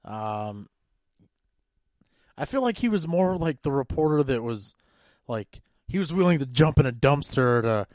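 A man with a mid-range voice trades wry, relaxed remarks in a casual podcast chat about a film. His humor is dry and easygoing. The recording is dry and close-miked. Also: medium pitch, a little slow, long pauses, dry recording. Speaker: podcast co-host. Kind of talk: casual movie review chat.

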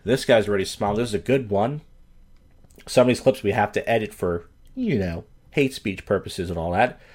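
A man's voice: fairly low pitch, fairly quick, a little mellow. Blunt, profane man ranting. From Philadelphia. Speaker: podcast host. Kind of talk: crude ranting commentary.

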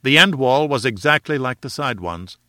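A man reads an adventure novel aloud at a measured storytelling pace. His voice is bright and crisp. The recording is close and dry. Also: medium pitch, lively intonation, no room sound. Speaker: audiobook reader. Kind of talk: scripted narration.

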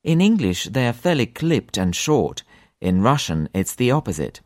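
A man teaching a language lesson for an audiobook, repeating example words slowly with long drawn-out vowels. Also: mid-range voice, very animated, no echo, clean studio sound.

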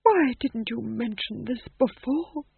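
Man voicing a weary hesitant actor, slow, raised pitch, husky, tinny phone-like recording. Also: dry recording, exaggerated voice. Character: weary middle-aged male traveling actor, hesitant.

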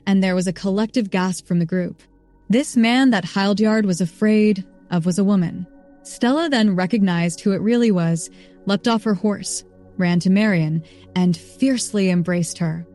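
A woman narrating a story in an even, steady reading voice. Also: mid-range voice, normal speed, faint music behind. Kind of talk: scripted narration.

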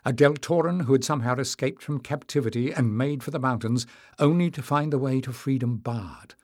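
A man narrating an audiobook in a measured storytelling manner. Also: mid-range voice, darkish tone, no echo, studio quality. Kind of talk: scripted narration.

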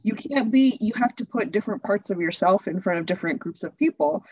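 A woman's voice: mid-range voice, lively intonation, fairly quick, darkish tone, husky, no room sound, poor audio. A woman being interviewed as a video creator, chatting candidly with frequent laughs and lots of restarts.

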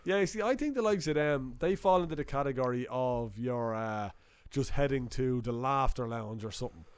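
A man's voice: medium pitch, normal speed, clean tone, dry recording. Swearing Dublin man telling a story. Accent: Dublin Irish. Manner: profane, animated storyteller. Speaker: podcast co-host. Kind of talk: casual chat, anecdote.

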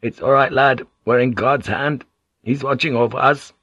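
A male narrator playing a steady, kindly merchant who speaks in a soothing, practical way, on a dull, lo-fi recording. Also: mid-range voice, moderate pace, husky, no room sound, voice pushed up. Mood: calm.

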